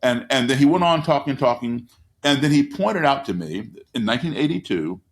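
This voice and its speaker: A man in his sixties, a guest telling a story in conversation, lively and acting out the people he quotes. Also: medium pitch. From United States. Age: 60s.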